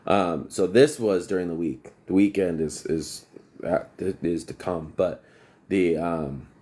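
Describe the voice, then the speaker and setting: A man's voice: low-pitched, slow, warm tone. A man who works as an HVAC technician, telling long rambling stories on a casual livestream and breaking off to greet viewers.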